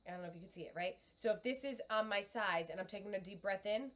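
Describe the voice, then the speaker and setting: A woman's voice: mid-range voice, fast, a bit bright, a little hiss or hum. Middle-aged woman, coach leading a live webcam lesson, upbeat and encouraging. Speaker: communication coach.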